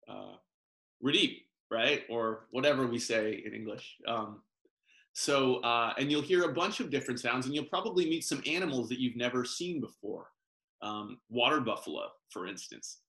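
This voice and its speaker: A man reading a children's picture book aloud in a gentle sing-song, pausing to explain words over a video call. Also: mid-range voice, gravelly. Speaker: professor reading picture books to families. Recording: roomy echo.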